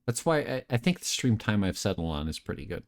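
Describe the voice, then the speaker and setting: A young man with a fairly low voice hosts a relaxed late-night stream. He rambles and jokes, reading chat messages aloud and answering them in a casual, unpolished way. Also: brisk. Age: young adult.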